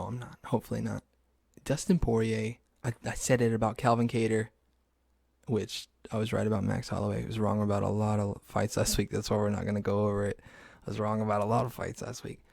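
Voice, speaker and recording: A young man with a gravelly, creaky voice hosts a casual solo sports talk show, rambling through his picks with loose swearing and self-mockery. His voice is recorded close and dry, with no room sound behind it. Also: lowish voice, darkish tone, no echo. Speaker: podcast host.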